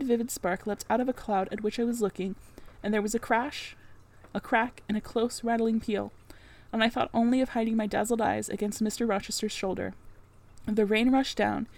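A woman reading a classic novel aloud in the first person, measured and storytelling. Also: on the high side, vocal fry, a little mellow. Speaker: audiobook narrator.

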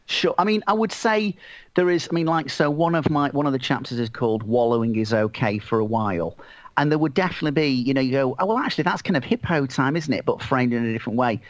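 A man's voice: medium pitch, fast talker, no room sound. A man, an author, talking casually and animatedly about his book in a podcast chat, full of asides and fillers. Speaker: author and guest.

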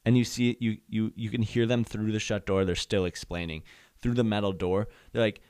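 A man's voice: lowish voice, fairly even intonation, moderate pace, darkish tone, smooth, no room sound, clean studio sound. A young man hosting a solo podcast, telling comedic stories and acting out voices and sound effects. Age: young adult. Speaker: podcast host.

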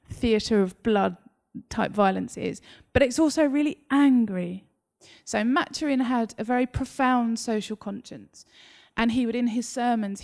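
An English woman author, speaking in an animated interview conversation and often breaking into laughter as she tells stories. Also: a little high, vocal fry. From England. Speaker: author guest. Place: library talk.

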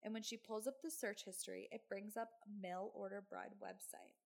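Woman, podcast host, true crime storytelling, casual, sarcastic, fry in the voice. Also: medium pitch, fairly even intonation, moderate pace. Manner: casual, swearing, sarcastic asides.

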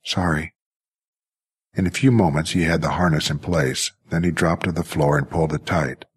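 Very deep, husky male narrator. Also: steady tone, a little fast. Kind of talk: audiobook narration.

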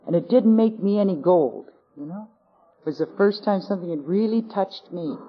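A woman with a Canadian accent, giving a wry, self-mocking personal testimony to a convention audience, on an old tape. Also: on the low side. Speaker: speaker at a recovery convention. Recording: dull lo-fi 1980s convention tape.

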